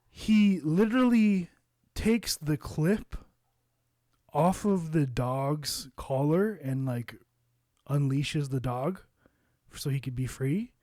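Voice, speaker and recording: A man's voice: a little high, expressive, takes it slowly, long pauses, warm tone, no room sound, clean studio sound. A man casually telling a personal story to camera, rambling with lots of fillers and cursing. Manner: rambling, loose with curses and fillers. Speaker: vlogger.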